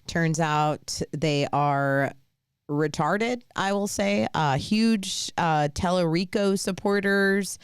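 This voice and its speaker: A woman hosts a live talk show with a low, smooth, resonant voice. She rambles through her points and states her opinions bluntly. The sound is dry and close, with no room around it. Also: no echo. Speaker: host. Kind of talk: casual live commentary.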